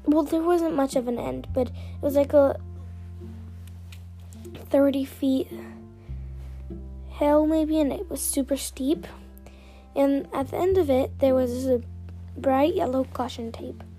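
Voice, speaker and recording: A woman hosting a podcast with a high, mellow voice, telling a personal story in a loose, rambling way. She speaks softly, full of "like" fillers, and now and then drops into a whisper. Faint music plays behind her. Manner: soft-spoken, dropping at times into a whisper. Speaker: podcast host. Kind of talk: casual storytelling.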